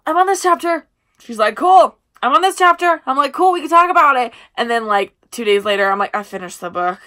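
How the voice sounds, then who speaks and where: A young woman book vlogger talks to her camera in a casual review video, chatty and gushing and often trailing off mid-sentence. Her mid-range voice is a bit bright.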